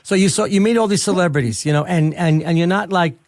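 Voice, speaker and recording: Older male radio host, chatty anecdote teller, slightly high pitch, dry close mic. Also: quick pace, darkish tone, dry recording. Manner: chatty storyteller, acts out quotes. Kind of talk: casual interview chat.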